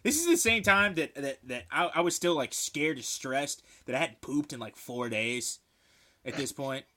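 A man telling a profane, animated story in casual chat. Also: medium pitch, normal speed.

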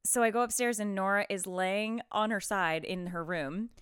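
A woman in her thirties co-hosting a podcast, telling an animated story about her kids and acting out the quotes. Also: medium pitch, normal speed, clean tone, no echo, clean studio sound. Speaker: podcast co-host. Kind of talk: casual chat.

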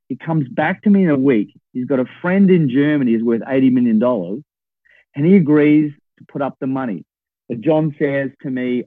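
A man in his sixties, a guest telling an animated story and checking in with his listeners as he goes. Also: mid-range voice, normal speed, dry recording. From Australia. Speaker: podcast guest, property investor. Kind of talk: storytelling in a conversation. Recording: tinny phone-like line, dry.

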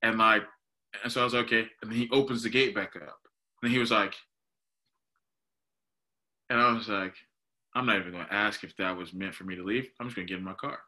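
A man's voice: lowish voice, fairly even intonation, a little fast, pauses often, bright, forceful tone. A young man, animatedly telling a story on a casual podcast, laughing and calling his listener "dude.". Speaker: podcast co-host.

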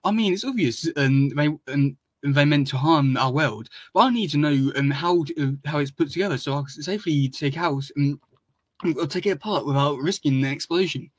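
A man's voice: on the high side, normal speed, dry recording, natural voice. A man voicing a frantic, anxious teenage male turtle inventor who stammers in a raised, panicky voice.

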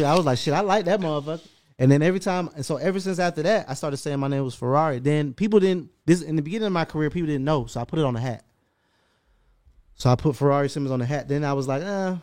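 Fast-talking man, podcast host, animated, profane storytelling. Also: on the high side. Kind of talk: casual podcast chat.

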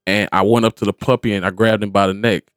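Speaking fast in a low voice, a middle-aged stepfather recounts a family tale full of slang and profanity. He animatedly performs everyone's lines. The recording is studio quality, with no echo.

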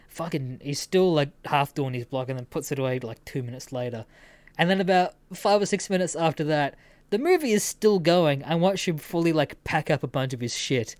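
A woman's voice: low-pitched, animated, normal speed, darkish tone, dry recording. A woman hosting a casual storytelling podcast, swearing freely and laughing as she talks. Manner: swears freely, laughs while telling stories. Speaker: podcast host.

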